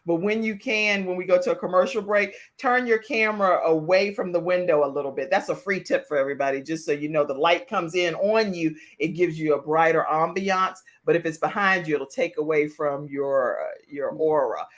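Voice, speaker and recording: A woman's voice: sits low, a little fast, hardly any pauses. A woman hosting an online talk show over a video call, chatting playfully, teasing her guests and laughing often.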